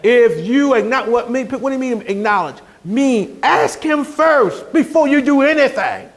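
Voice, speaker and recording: Man, pastor, sermon, very high voice, animated swings, storytelling, bursts of shouting. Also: a little slow.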